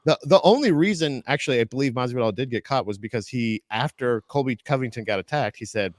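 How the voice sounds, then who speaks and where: A man's voice: medium pitch, lively intonation, quick pace, no echo. Guy rambling on a podcast, lots of restarts, dry mic. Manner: rambling, many restarts, laughing asides. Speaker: podcast co-host. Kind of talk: casual chat.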